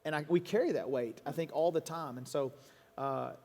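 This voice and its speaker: A man speaking as a pastor to a congregation in a church auditorium. He is earnest, with quick restarts and quoted asides. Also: on the high side, a little mellow. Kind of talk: stage conversation to a congregation. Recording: long hall reverb.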